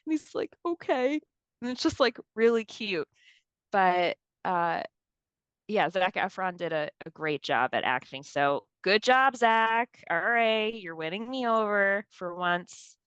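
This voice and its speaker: A woman's voice: medium pitch, slow, clean tone, no room sound, dull audio. A woman co-hosting a pop culture podcast, chatting casually and acting out the people she quotes. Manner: animated, acts out quoted voices. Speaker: podcast co-host.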